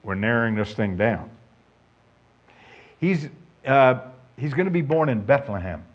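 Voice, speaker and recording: A man's voice: mid-range voice, expressive, unhurried. A man preaching a sermon, emphatic and conversational, putting questions to his listeners. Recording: dull lo-fi sound.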